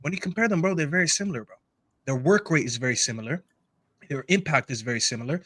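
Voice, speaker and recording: A man argues football at a rapid clip, pressing his point with repeats and interruptions. His voice sits a little high, and the sound is close and dry with no room around it. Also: lively intonation, a bit bright, no room sound. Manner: emphatic, repeats himself, interrupts. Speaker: football panel regular. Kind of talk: heated casual debate.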